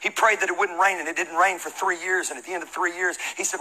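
A man who is a pastor, giving a humorous, conversational sermon and shouting out Bible readings. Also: high voice, fairly even intonation, quick pace, few pauses, breathy edge, low-quality recording.

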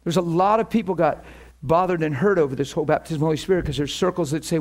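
A male preacher delivering a sermon through lively anecdotes. His voice sits a little high, and he dramatizes the people in his stories as he goes. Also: quick pace, few pauses. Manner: animated storytelling, acts out quoted voices. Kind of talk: sermon storytelling.

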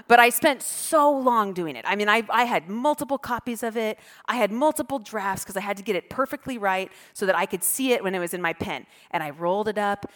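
Animated woman pastor in a reverberant hall. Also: medium pitch. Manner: animated, self-deprecating, acts out her past self and others. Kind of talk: storytelling sermon. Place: church stage. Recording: long church hall reverb.

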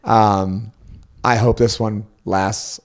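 A man's voice: on the low side, level tone, extremely slow. A man co-hosting a casual chat, easygoing and fond of slang. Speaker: co-host.

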